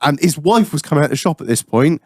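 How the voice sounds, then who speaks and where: A man hosting a podcast, telling a road-rage story in a profane, animated way. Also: a little high, fast, husky, dry recording, clean studio sound. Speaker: podcast host. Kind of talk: casual chat, storytelling.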